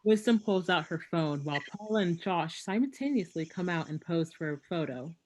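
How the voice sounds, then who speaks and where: A reader calmly reading out stage directions for a play reading. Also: medium pitch, fairly quick.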